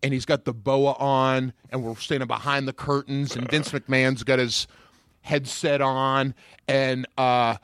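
A man, an actor guest, telling animated stories in a casual chat. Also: mid-range voice, unhurried, slight background noise. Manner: animated, does voices in anecdotes.

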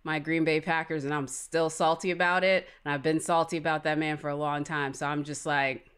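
A woman's voice: deep voice, steady tone, a little fast, a bit bright, smooth. A woman co-hosting a podcast, chatting casually and frankly, with a lot of filler words. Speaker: podcast co-host.

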